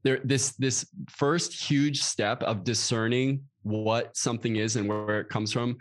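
A man co-hosting a casual talk about relationships, earnest and animated as he explains. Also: mid-range voice, no room sound, studio quality. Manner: earnest, animated storytelling with quick asides.

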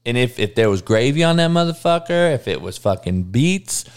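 A man's voice: mid-range voice, big pitch swings, moderate pace, smooth. A man who coaches youth, ranting comically in a profane, emphatic way. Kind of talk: comedic rant.

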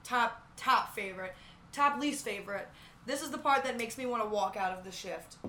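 Bright, high-voiced woman bartender ranting. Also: moderate pace, echoey room, a little hiss or hum. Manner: loud, profane, acts out customers. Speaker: podcast co-host, bartender. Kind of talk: casual chat.

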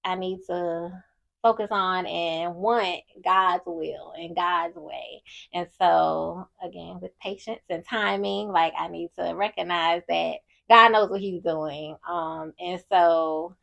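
A woman's voice: lowish voice, creaky, a bit bright, highs cut off. A woman co-hosting a casual faith-based podcast with her husband, speaking in a reflective, open way and laughing easily. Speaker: podcast co-host, wife.

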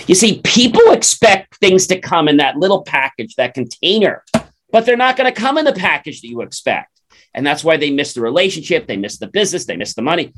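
A man's voice: a little high, a little fast. A man co-hosting a motivational talk show, acting out little dialogues in changing voices as he makes his points. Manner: animated, acts out little dialogues in character voices. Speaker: co-host.

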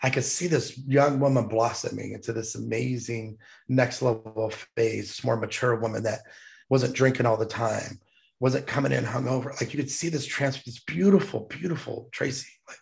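Gravelly-voiced man, heartfelt storyteller. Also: medium pitch, steady tone, moderate pace. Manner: heartfelt, emphatic, choked up at times. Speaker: guest, military veteran. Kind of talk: emotional storytelling.

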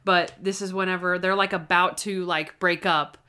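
A young woman co-hosts a casual podcast chat reviewing a TV episode, talking enthusiastically and acting out scenes in quotes. Her voice is on the low side, bright, forceful, clear and resonant, with fairly even intonation at a moderate pace.

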